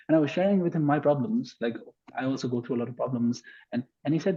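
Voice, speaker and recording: Man, podcast guest, mellow husky voice, emphatic debater, slightly muffled recording. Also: medium pitch, fast talker. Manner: emphatic, argues point by point. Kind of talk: conversational podcast discussion.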